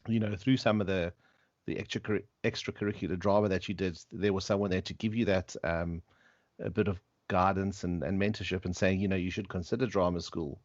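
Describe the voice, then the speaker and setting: A man hosting a podcast interview, asking halting, hesitant questions. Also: sits low, steady tone, dry recording. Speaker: podcast host. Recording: dull dry lo-fi sound.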